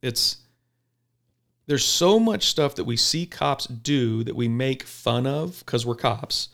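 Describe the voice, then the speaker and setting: A police officer talking bluntly and profanely in a casual podcast chat, telling animated stories. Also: male voice, mid-range voice, takes it slowly. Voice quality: gravelly.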